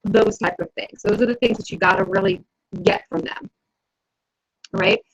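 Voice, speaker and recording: A woman's voice: a little high, very animated, moderate pace, creaky, breathy edge. A woman business coach giving an instructional talk to camera, conversational and keeps checking in with the listener. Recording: dull lo-fi recording.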